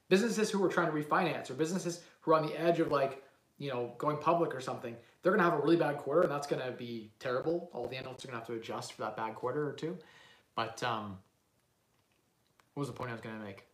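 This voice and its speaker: This young Canadian man's voice is fairly high and fast as he hosts a casual livestream with live Q&A. He's a real estate investor who rambles confidently, full of fillers and restarts, in a roomy room with noticeable echo.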